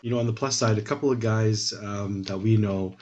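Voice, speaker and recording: Man, podcast host, husky voice, casual agreeable chat. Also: lowish voice, fairly even intonation, brisk, a little mellow. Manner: agreeable, easygoing, checks in with "right?".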